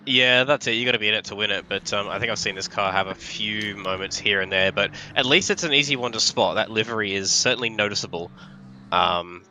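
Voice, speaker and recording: Man, ill, very bright sharp tone, chatty race commentator. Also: fairly low pitch, brisk, a little hiss or hum. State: ill, a bit stuffy. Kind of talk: live sim racing commentary.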